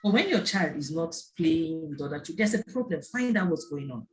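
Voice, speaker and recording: A woman's voice: low-pitched, brisk. A woman giving an online talk to parents, telling stories and acting out the voices of the people in them. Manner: lively storytelling, acting out quoted voices. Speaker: parenting speaker. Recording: faint background noise and clicks.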